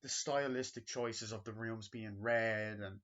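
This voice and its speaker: A man's voice: fairly low pitch, steady tone, unhurried, fairly bright tone. Rambling man reviewing a film, lo-fi. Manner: rambling, full of fillers and "like". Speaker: movie reviewer. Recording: dull lo-fi recording.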